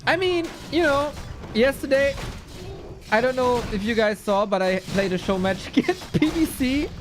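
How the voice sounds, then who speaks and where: An esports caster gives excitable, joking live commentary on a strategy game match, thinking out loud between plays. His voice is mid-range and his pace moderate, with music playing in the background.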